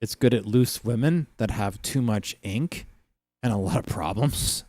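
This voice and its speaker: A man's voice: on the low side, unhurried, a little mellow, no room sound. A man hosting a livestream, telling rambling, profane stories in casual chat with many fillers. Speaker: livestream host.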